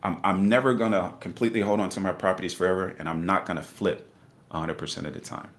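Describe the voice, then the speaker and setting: Low-pitched guy on a podcast, emphatic, keeps repeating his point. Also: fast talker. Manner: animated, emphatic, repeats key phrases, bursts of laughter. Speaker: guest investor. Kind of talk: casual podcast conversation.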